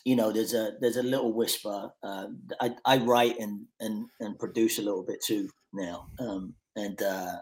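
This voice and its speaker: Relaxed low-voiced actor telling stories. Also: male voice, moderate pace, hardly any pauses. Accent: mixed Scottish and English, Americanised. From Scotland. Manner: relaxed storyteller, frequent fillers and restarts. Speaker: actor guest. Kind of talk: casual podcast chat.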